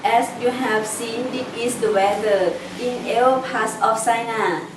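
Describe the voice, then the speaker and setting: A woman with a Lao accent playing a news anchor in a student weather report, speaking halting learner English. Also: fairly high pitch. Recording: echoey room, mic far off, noisy.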